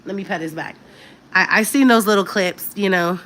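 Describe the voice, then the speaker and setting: A woman's voice: mid-range voice, normal speed, fairly bright tone, slight background noise. A woman hosting a casual livestream chat, talking candidly and directly to her viewers. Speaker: livestream host.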